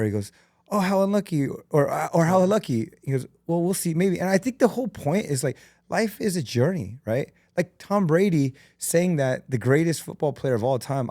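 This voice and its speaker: A man who is a podcast guest and entrepreneur, telling stories in an earnest, animated and emotional way. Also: mid-range voice, no room sound, studio quality. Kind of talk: emotional, candid conversation.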